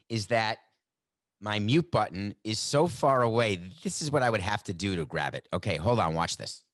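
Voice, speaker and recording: A man's voice: on the low side, a bit bright, no echo, clean studio sound. A man hosting a sports talk podcast, speaking alone at a desk mic in a sarcastic, mock-dramatic monologue. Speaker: podcast host. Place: desk at home studio.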